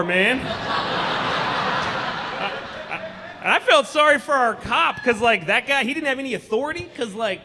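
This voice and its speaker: A stand-up comedian with a fairly high, bright voice that swings all over the place as he tells his stories. He talks in a conversational, mocking way, with a faint hiss under the recording. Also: animated, moderate pace, pauses often. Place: comedy club stage.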